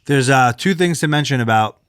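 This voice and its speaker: A man's voice: medium pitch, lively intonation, fairly quick, clean tone, dry recording, studio quality. Rambling New man, casual chat. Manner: rambling, frequent fillers, laughs at own stories. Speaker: podcast co-host.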